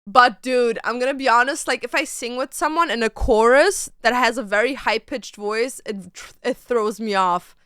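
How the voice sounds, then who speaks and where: A young woman streaming from home, chatting casually with her viewers, animated and swearing freely as she rants. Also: fairly high pitch, moderate pace, few pauses, clear, resonant tone, no room sound, studio quality. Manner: chatty, talks to chat between bursts of singing. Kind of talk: casual livestream chat.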